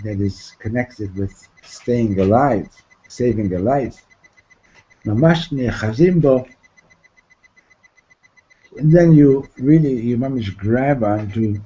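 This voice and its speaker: A man's voice: on the low side, warm tone, muffled recording. A man giving an informal Torah class. He often repeats himself, asks "right?" and mixes in Hebrew terms that he then translates. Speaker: Torah teacher.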